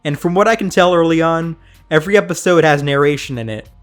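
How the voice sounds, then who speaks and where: A man's voice: on the high side, fast, smooth, faint music behind. Sarcastic young man reviewing cartoons. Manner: sarcastic, mocking. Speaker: host.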